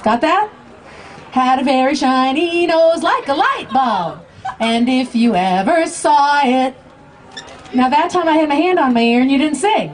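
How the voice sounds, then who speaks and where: An American woman, a children's singer, performs live on stage with a microphone at an outdoor Christmas lights event. Her high voice, over slight background noise, backing music and the crowd, playfully teases and coaxes the audience through a call-and-response song.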